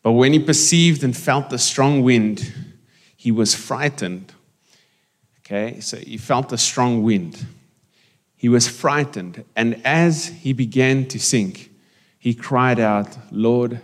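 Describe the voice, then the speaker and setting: This is a pastor delivering a sermon in an easygoing, conversational way. He speaks slowly and jokes with the congregation. The voice rings out through a large church hall with a long reverb. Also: mid-range voice. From South Africa.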